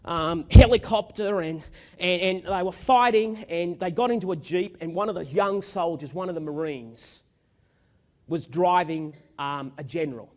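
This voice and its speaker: A man's voice: high-pitched, normal speed. A man giving a motivational keynote speech on stage, telling stories with energy and emphasis. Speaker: keynote speaker. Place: stage at a live event.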